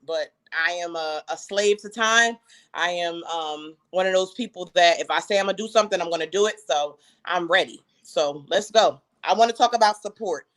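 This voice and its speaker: Lively New woman, co-host on a casual livestream, slangy, bursts of speed. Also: on the low side. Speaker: co-host and author.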